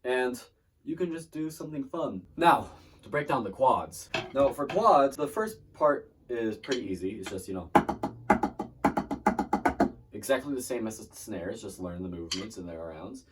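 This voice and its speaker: A drumline instructor with an expressive, mid-range voice gives a casual, chatty lesson at a moderate pace, breaking down snare and tenor parts and trailing off mid-demonstration. The mic is distant, with loud drum music.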